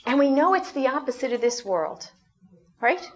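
A woman's voice: high voice, sing-song, normal speed, dull audio. A woman pastor preaching a conversational sermon, putting questions to the congregation.

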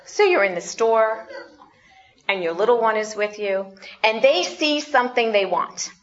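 A woman pastor preaching slowly and conversationally, asking the congregation questions, in a dull, muffled recording. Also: a little high, lively intonation. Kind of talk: sermon.

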